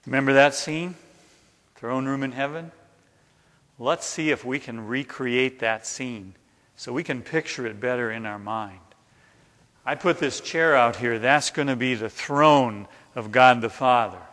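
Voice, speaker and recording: A man, a pastor, leads an interactive chapel talk, coaxing listeners in an animated way to act out the story. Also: medium pitch, unhurried. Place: large chapel. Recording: reverberant hall sound.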